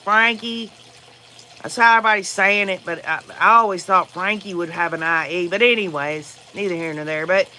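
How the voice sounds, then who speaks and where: Answering viewer comments on his casual livestream, a Southern US man rambles and gives his opinions, using lots of fillers. He speaks briskly with few pauses in a high, bright, forceful voice over slight background noise.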